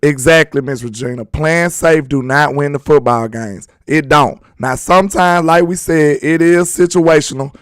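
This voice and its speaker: Male sports stream host, talks slangy and emphatic to his viewers, slightly raised pitch and a touch hoarse, dry booth sound. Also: normal speed, few pauses, no room sound. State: voice strained and a little hoarse. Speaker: sports talk livestream host. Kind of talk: casual sports commentary, reading chat.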